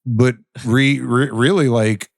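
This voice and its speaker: A man in his forties with a weathered, raspy voice from smoking and drinking, co-hosting a casual chat podcast and talking bluntly with plenty of swearing. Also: mid-range voice, steady tone, takes it slowly, dry recording, studio quality. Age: 40s. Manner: blunt, swearing, repeats words when starting. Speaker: podcast co-host.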